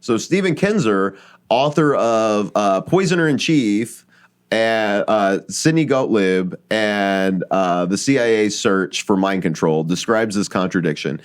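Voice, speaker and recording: A man's voice: fairly low pitch, unhurried. A man hosting a casual podcast, telling a researched story in a chatty way with frequent fillers. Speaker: podcast host.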